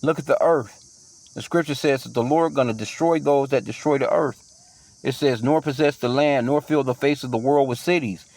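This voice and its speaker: A man giving casual scripture teaching in a mid-range voice. He reads verses aloud in a measured way, then drifts into loose, profane street talk. His delivery is full of fillers and restarts. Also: mid-range voice, darkish tone, no echo. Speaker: bible teacher.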